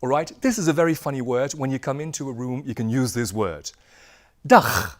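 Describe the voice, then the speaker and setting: A man's voice: medium pitch, brisk. Man, language teacher, playful, laughs a lot, drills words for a class. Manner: playful, repeats himself, laughs often. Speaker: Dutch language instructor. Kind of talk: lively classroom presentation.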